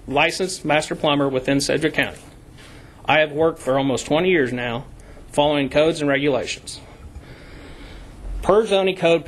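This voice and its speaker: A man speaking at a county commission meeting as a member of the public, deliberately reading out code sections and stressing key words. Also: a little high, a little hiss or hum.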